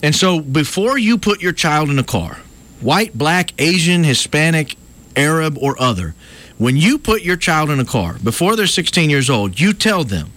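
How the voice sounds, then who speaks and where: A man's voice: on the high side, big pitch swings, moderate pace, fairly bright tone. A man in his late thirties hosting a talk radio show, explaining things in an earnest, lecturing way. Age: 30s.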